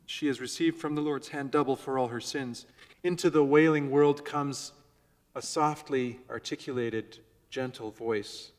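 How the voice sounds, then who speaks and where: Male pastor, mid pitch, sermon delivery; measured, soft-to-loud swings; church hall with long reverb. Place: church before a congregation.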